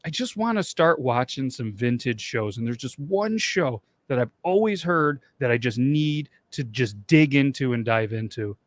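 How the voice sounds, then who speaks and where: A man from the United States co-hosting a podcast, telling rambling stories in casual chat. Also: a little high. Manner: storytelling, rambling. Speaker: podcast co-host.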